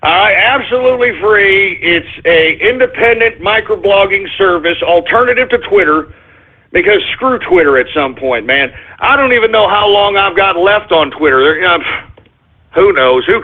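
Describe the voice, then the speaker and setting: A high-pitched, husky male talk radio host who rants loudly and breaks into shouting, stretching out words for emphasis. His voice comes through a tinny, phone-like radio stream. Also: expressive, moderate pace. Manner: loud irritated ranting with shouted bursts. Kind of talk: ranting internet radio monologue.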